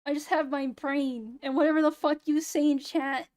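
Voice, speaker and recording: Hoarse, flat-voiced young woman streamer. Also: normal speed. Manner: flat, low-energy, near-monotone delivery. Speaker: VTuber streamer. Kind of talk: casual late-night stream chat.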